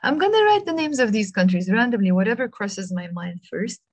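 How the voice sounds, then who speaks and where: A woman with a Lebanese accent teaches beginners over a video call, patient and encouraging as she spells out each letter slowly. Her voice sits at a middle pitch and sounds close and dry, with no room around it. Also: lively intonation, no room sound. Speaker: Arabic teacher. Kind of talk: live online language lesson.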